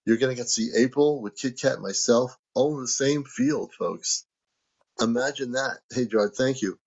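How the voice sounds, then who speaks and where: Male livestream host with a low, gravelly voice, chatty and thankful to viewers, on a dull lo-fi home stream. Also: normal speed. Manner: reads viewer comments and thanks gifters. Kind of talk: casual livestream chat.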